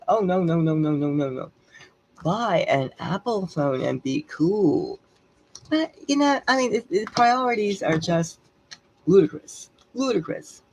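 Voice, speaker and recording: A woman's voice: lowish voice, a little mellow, rough recording. A woman hosting a livestream, ranting in an agitated way about politics and repeating words for emphasis. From United States. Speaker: tarot channel host.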